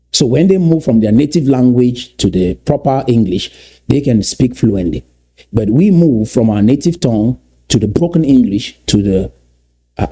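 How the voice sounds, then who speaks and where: A man's voice: mid-range voice, mellow, slightly rough. A man from Cameroon giving lecture-style commentary, emphatic and repetitive, drawing out words to stress his points. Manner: emphatic, repeats key phrases, stretches words for stress.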